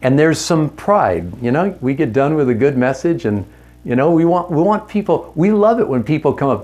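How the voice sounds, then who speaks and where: A man's voice: a little high, expressive, moderate pace, darkish tone. A man teaching a marriage seminar to other men, talking in an earnest, direct and conversational way, often asking his listeners rhetorical questions and correcting himself mid-sentence. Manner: candid and conversational with self-corrections.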